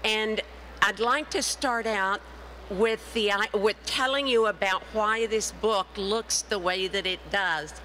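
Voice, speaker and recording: A middle-aged woman giving a conference talk as an author, telling her story in a lively way and acting out the voices of people she quotes. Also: medium pitch, slow pace, a little hiss or hum, low-quality recording. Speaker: author and speaker. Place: conference session room.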